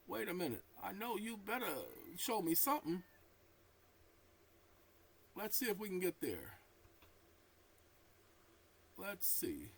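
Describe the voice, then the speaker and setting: A tired channel host with a high, sing-song voice talks slowly to camera with long pauses, dictating commas and periods aloud as he reads in a casual way. The rough recording has a little hiss or hum.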